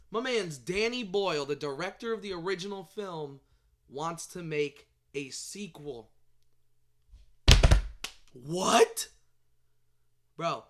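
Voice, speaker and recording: A man vlogging about movies in casual chat, excitable and rambling, swearing and tripping over his words. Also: sits high.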